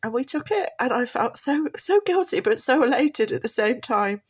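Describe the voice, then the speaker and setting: A woman's voice: a little high, animated, moderate pace, slightly rough. A middle-aged woman telling a family story in a casual, heartfelt way. She rambles and often repeats herself. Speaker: mother sharing a family story.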